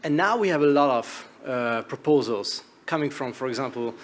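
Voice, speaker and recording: A man with a Hungarian accent gives a conference presentation in English, his second language. He speaks at an average pitch and stops often to hunt for words with "uh". A faint hiss of noise sits under his voice. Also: expressive, moderate pace. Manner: hesitant, frequent uh fillers. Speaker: conference speaker, media regulator. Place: conference hall.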